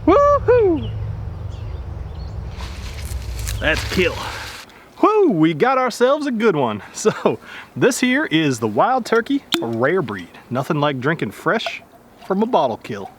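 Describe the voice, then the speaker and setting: A man's voice: on the high side, big pitch swings, a little slow, background noise. A man voicing a folksy, boastful turkey hunter outdoors with a put-on Southern accent. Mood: triumphant. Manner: whispered stalking lines, then loud whoops. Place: outdoors in nature.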